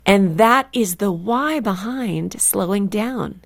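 A woman guest on a radio program, talking earnestly about faith, animated and quick to laugh. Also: medium pitch, vocal fry, husky. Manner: earnest and animated, acts out quotes with playful emphasis; laughs easily while explaining. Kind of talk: conversational faith talk.

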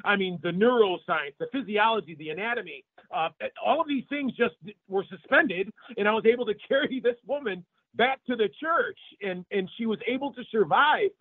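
A male pastor giving an emotional interview testimony, animated and repeating words when moved. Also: sits high, moderate pace, breathy edge, no echo. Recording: phone-like remote line.

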